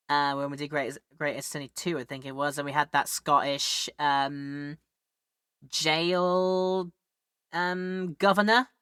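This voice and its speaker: A woman's voice: low-pitched, a bit bright, clear, resonant tone, no room sound, studio quality. A woman streaming a game, chatting and rambling in between joke voices. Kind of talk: game let's play commentary.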